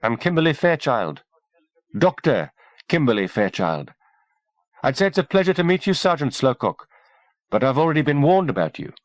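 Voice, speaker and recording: A man's voice: fairly high pitch, very animated, normal speed, pauses often, no room sound, voice pushed up. A man voicing a self-assured young female doctor with a dry, witty manner.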